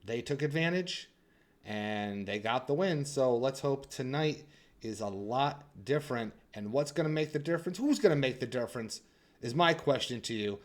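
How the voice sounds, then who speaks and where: A young man hosting a hockey channel, giving casual sports commentary and teasing his viewers, swinging between loud hype and quiet asides. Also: mid-range voice, animated, moderate pace.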